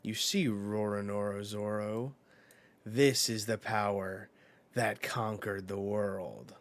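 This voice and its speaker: A menacing villain lord, announcing his lines slowly and with weight , read out by a man close to his own low voice. He sounds unhurried and sure of himself. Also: steady tone. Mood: declaiming.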